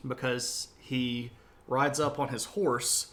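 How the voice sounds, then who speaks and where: With little pitch movement, a slow pace and a fairly bright mid-range voice, a middle-aged man from South Mississippi chats through a casual history livestream, self-described as opinionated and given to rambling asides.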